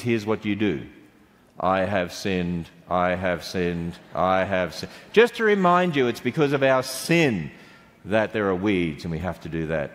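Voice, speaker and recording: Aussie guy teasing and quizzing kids at church, big echoey hall. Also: medium pitch. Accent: Australian. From Australia. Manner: playful, quizzing the audience. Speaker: speaker to children. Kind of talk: children's church talk. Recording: long hall reverb.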